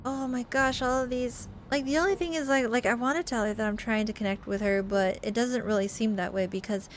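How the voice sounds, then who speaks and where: A woman's voice: a little high, fairly even intonation, fairly quick, slight background noise. Chatty woman game streamer. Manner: apologetic, effusive, chatty. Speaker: let's play host. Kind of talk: gameplay commentary.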